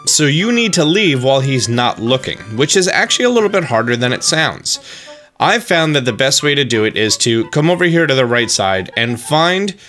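A man's voice: medium pitch, very animated, moderate pace, a bit bright, faint music behind. An American man hosting a gaming channel, talking through gameplay in a joking, conversational way. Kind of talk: video game commentary.

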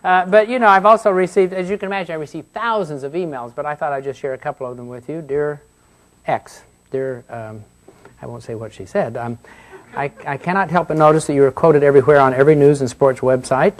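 An older American man speaking from a podium in a slightly high voice. He tells folksy stories and reads amusing letters aloud to a luncheon crowd. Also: fairly quick. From United States. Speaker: university president giving a speech. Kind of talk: humorous public speech at a luncheon forum. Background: audience laughter.

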